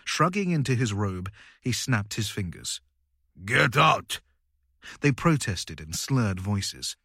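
A man reading a story aloud in a measured, dramatic way. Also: lowish voice, sing-song, a bit bright, husky, no echo, clean studio sound. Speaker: audiobook narrator. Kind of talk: scripted narration.

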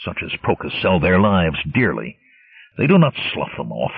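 A fierce barbarian chief barks out blunt orders in a deep, gravelly growl, as a male narrator acts him out. The delivery is commanding and gruff. It comes through thin and tinny with a husky, close-up dryness. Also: huge pitch swings, moderate pace, no room sound, full character voice. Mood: indignant. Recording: tinny lo-fi narrowband audio.

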